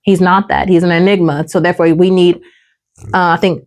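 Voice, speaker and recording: A woman's voice: fairly low pitch, fairly quick. A woman hosting a podcast, casually recapping a drama and acting out the characters' lines. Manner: animated storytelling, acts out characters' lines. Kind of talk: casual chat.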